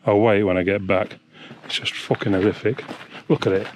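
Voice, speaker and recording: A man's voice: on the low side, steady tone, normal speed, background noise. A man, ranting angrily and swearing while vlogging on a hiking trail. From England. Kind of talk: angry outdoor vlog.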